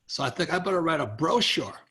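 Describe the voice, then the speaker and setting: An older man, a guest author in an interview, telling stories in an animated way and acting out what other people said. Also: fairly high pitch, a little fast. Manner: animated storyteller, acts out quoted people, chuckles often. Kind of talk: storytelling in a conversational interview.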